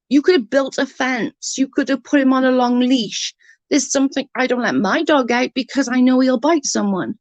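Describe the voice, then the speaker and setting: A woman's voice: high voice, moderate pace, no echo, highs cut off. Woman ranting on her live stream, fed up and sweary, dry close sound. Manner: exasperated, ranting, swears freely. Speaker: live streamer reading chat comments. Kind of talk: casual livestream rant.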